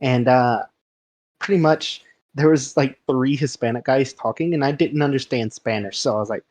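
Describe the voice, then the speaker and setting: A man's voice: medium pitch, moderate pace, darkish tone. A man interviewing on a stream, chatting casually and telling stories with a laugh. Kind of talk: casual chat.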